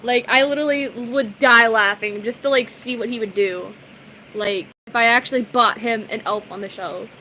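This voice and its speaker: A live streamer with a high, light voice chats comfortably with her viewers at a moderate pace, giggling along the way. Between meandering stories she greets people in chat by name, relaxed and talkative, on a rough recording with a bit of hiss or hum.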